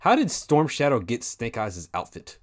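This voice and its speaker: A man's voice: mid-range voice, huge pitch swings, moderate pace. A man co-hosting a podcast, recapping a film and asking questions in loose, filler-heavy casual chat. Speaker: podcast co-host. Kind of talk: casual movie discussion.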